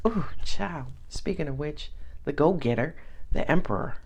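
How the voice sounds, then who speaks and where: A woman's voice: low-pitched, animated, moderate pace, darkish tone, breathy edge. A woman giving a casual tarot reading, chatty and sassy, with frequent laughs. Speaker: tarot reader.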